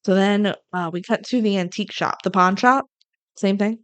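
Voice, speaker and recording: A young woman co-hosting a podcast, casually recapping a movie plot and acting out the characters' lines in quick asides. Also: medium pitch, a bit bright, clean tone. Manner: retells scenes with quick acted-out quotes. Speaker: podcast co-host.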